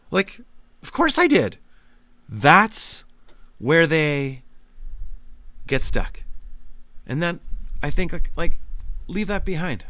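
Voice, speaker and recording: A man from Canada hosting a podcast, telling stories in a casual, animated way, laughing often and acting out what people said. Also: on the high side. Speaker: podcast host and business consultant. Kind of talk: casual storytelling monologue.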